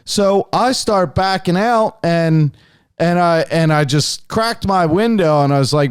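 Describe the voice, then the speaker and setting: A young man telling a hunting story casually on a podcast, animated and heavily profane. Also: fairly high pitch, unhurried, clean tone, dry recording, clean studio sound. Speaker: podcast guest, hunter.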